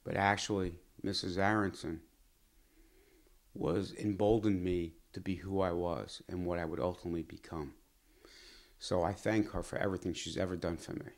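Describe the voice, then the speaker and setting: A middle-aged man, a doctor, telling his life story to the camera in an earnest, measured and reflective way. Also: sits low, fairly even intonation. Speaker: physician and pharma executive.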